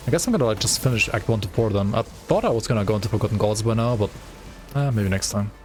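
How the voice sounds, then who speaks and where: A man's voice: fairly low pitch, animated, fast talker, over music. A man with a German accent, lightly touched by Swedish, chatting casually while playing a game, full of fillers and "right?". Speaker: gaming streamer. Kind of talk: casual gameplay commentary.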